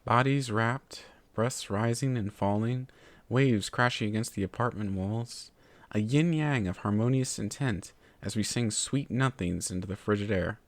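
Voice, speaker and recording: A man narrating a fan fiction story in a steady, measured way. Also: fairly low pitch, dry recording. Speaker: story reader.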